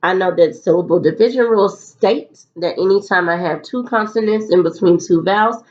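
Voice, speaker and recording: A woman's voice: medium pitch, moderate pace, lo-fi sound. A woman teacher leading a recorded phonics lesson, explaining step by step and repeating key phrases so students can follow.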